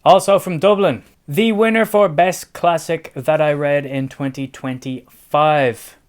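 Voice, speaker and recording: Theatre-kid guy hosting a book award thing, kinda high voice, joking around. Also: unhurried, a faint crowd. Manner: theatrical, jokey, playful. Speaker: co-host. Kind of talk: casual award-show banter.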